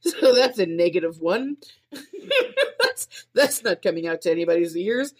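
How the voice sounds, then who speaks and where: A husky, fairly low, darkish voice, expressive and at normal speed, belongs to a twentysomething aspiring podcaster. Recording solo, she tests bright intro lines and muses aloud about each attempt in between.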